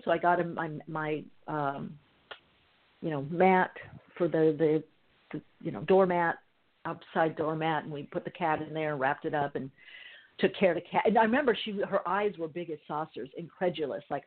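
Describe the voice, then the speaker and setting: A woman hosting a call-in radio show as a mystic healer, telling stories with animated quoted voices. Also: deep voice, moderate pace. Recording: narrow phone-like sound.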